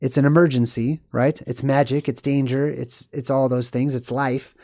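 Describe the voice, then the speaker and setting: A man's voice: medium pitch, flat delivery, moderate pace, darkish tone, dry recording, studio quality. Rambling man giving casual commentary. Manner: rambling and conspiratorial, often adding "right?". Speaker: movie commentator.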